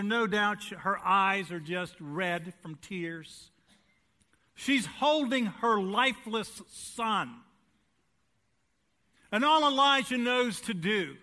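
A man preaching a sermon as pastor, swinging between loud emphatic declarations and hushed lines, and putting rhetorical questions to the congregation. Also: high voice. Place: church sanctuary.

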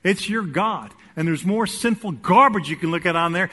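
A male pastor preaching a sermon in a church, swinging between loud urging and quiet asides. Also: sits high, expressive, normal speed, hardly any pauses. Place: church sanctuary. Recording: echoey hall.

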